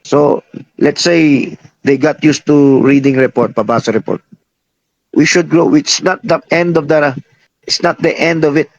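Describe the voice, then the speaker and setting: A man's voice: fairly high pitch, measured pace, gravelly, no echo, dull audio. A man preaching a sermon, teaching by firing questions at the congregation and repeating himself. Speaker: pastor.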